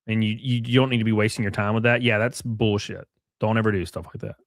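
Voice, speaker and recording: A man's voice: lowish voice, steady tone, fast, dry recording, clean studio sound. A man hosting a casual livestream, talking bluntly with plenty of swearing and reading out viewer messages. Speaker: livestream host.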